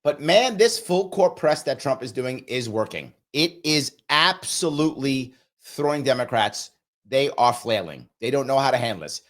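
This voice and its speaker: A man's voice: mid-range voice, lively intonation, normal speed, a bit bright. A man hosting a political commentary livestream, emphatic and repetitive, reading out viewer super chats while getting over a cold. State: recovering from a cold, coughing.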